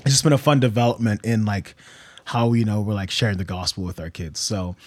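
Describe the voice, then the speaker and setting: A man's voice: fairly low pitch, steady tone. A man in his thirties in casual conversation, stopping and restarting as he tells stories about his kids. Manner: halting, restarts, acts out dialogue with his kids. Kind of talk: casual chat.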